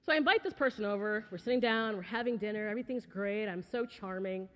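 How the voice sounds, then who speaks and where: A woman giving a lively, conversational motivational talk to young people, with frequent asides to the audience. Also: medium pitch, fast. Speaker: speaker. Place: auditorium stage. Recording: echoey hall.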